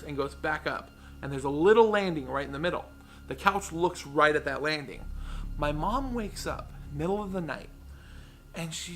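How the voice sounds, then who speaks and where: A man telling a true ghost story in a casual, hushed way, with dramatic pauses. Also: fairly high pitch. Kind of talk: spooky personal storytelling.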